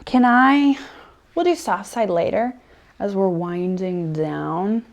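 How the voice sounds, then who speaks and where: A woman's voice: medium pitch, slow, vocal fry, highs cut off. Chatty young woman, ASMR storytelling. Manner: rambling, chatty, filler-heavy, swinging between soft and animated. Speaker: ASMR creator. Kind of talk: ASMR storytelling with personal-attention role-play.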